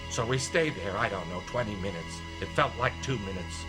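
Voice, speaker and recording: An actor playing a self-mocking, out-of-shape husband, telling a story in a wry, self-deprecating comic monologue, with music behind. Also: male voice, fairly low pitch, animated, fairly quick, lightly acted. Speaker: film character narrating a monologue.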